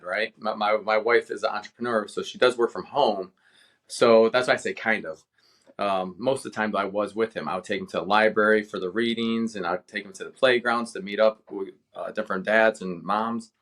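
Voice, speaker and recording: Speaking in a fairly low, fairly bright voice, a Cleveland, Ohio native and retired veteran shares a personal story during a casual podcast interview. He tells it passionately and with plenty of animation.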